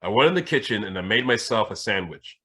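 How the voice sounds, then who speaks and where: A man's voice: on the low side, fast, slightly rough. A man from Jamaica, a spiritual teacher hosting a podcast, tells a personal story in casual chat, restarting his sentences often. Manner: animated anecdote telling with frequent restarts.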